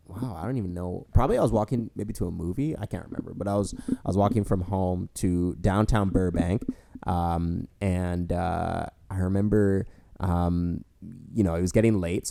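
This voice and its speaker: A man's voice: low-pitched, creaky, mellow, no room sound. A young man co-hosting a podcast, telling stories in a rambling casual way with many fillers. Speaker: podcast co-host. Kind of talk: casual storytelling chat.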